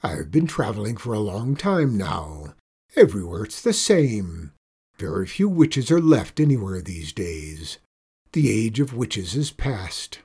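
Gruff old witch lady, low and firm, husky, guy reading a kids story puts her on. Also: big pitch swings, a little slow, a little mellow, heavily acted. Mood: grave. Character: stern old female witch, wise and snappish.

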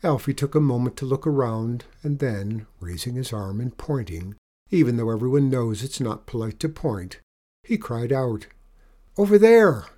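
A man narrating a children's adventure story aloud with expressive, animated delivery. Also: medium pitch, moderate pace.

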